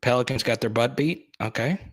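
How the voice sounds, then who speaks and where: Male stream host, mid pitch, excitable, talks straight to the chat and repeats himself. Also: fairly quick. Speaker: sports live stream host. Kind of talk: casual live stream chat.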